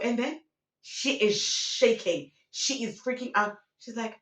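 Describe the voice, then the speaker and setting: A woman's voice: a little high, measured pace. A woman tells the story with big dramatic swings and a mocking edge, putting on voices for the people she quotes. Her voice rings in a roomy, echoey space. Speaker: commentator retelling a radio prank. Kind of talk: animated storytelling commentary. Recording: roomy echo.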